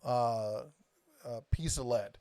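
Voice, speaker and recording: A man's voice: medium pitch, takes it slowly, darkish tone, no echo. A man hosting a casual live stream, rambling and reading viewer comments aloud. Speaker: host.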